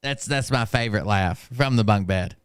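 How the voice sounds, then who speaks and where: A man's voice: on the low side, moderate pace, clear, resonant tone, no echo, studio quality. A man hosting a reaction commentary, making sarcastic, mocking asides. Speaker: commentary host.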